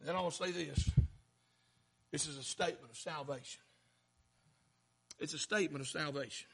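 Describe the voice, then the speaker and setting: A man preaching a fervent sermon, swinging from shouted lines down to low, quiet ones. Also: normal speed, vocal fry, husky.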